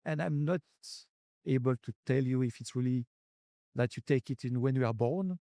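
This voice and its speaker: A man with a French accent, a company founder answering interview questions at a conference in a halting way, pausing often to search for words in English. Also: mid-range voice, mellow, no echo, studio quality. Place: conference venue.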